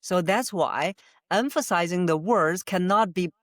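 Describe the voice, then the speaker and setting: A woman's voice: on the low side, measured pace, a bit bright, no echo, clean studio sound. A woman voice coach answering interview questions, explaining with frequent "uh" fillers and light laughs. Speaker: voice coach guest.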